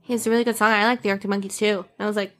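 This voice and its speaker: A young woman trading stories on a relaxed podcast. She laughs easily and slips into playful impressions of what others said. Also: medium pitch, rapid-fire, soft background music. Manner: laughs often, acts out quoted dialogue. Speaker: podcast co-host. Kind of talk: casual chat.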